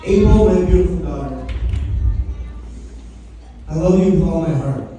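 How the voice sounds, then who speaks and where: A man's voice: a little high, animated, moderate pace, loud music behind the voice. A middle-aged man giving a heartfelt, joking wedding toast as father of the bride. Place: wedding reception hall. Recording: echoey hall from far off.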